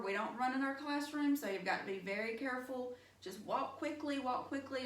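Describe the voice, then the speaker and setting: A woman's voice: a little high, fairly bright tone, echoey room, far from the mic. A woman with a Southern US accent teaching young children a phonics lesson, upbeat and encouraging. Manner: upbeat, encouraging, addresses class with y'all. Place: classroom.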